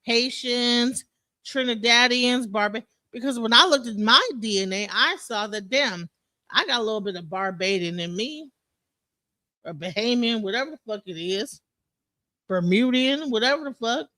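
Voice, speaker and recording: Heated, profane Detroit streamer with a bright voice. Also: medium pitch, normal speed, dry recording. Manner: heated, profane, blunt, with frequent restarts. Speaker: livestream host. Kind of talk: casual profane livestream rant.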